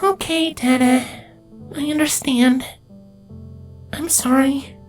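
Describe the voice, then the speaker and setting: A man voicing a small, timid young male changeling nymph with a high, childlike, plaintive voice. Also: normal speed, fairly bright tone, soft background music. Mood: pleading, contrite.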